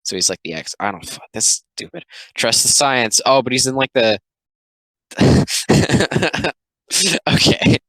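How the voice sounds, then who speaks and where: A young man giving sarcastic, rambling reaction commentary, full of filler words and quick asides. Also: mid-range voice, expressive, pushed and bright, no room sound, poor audio.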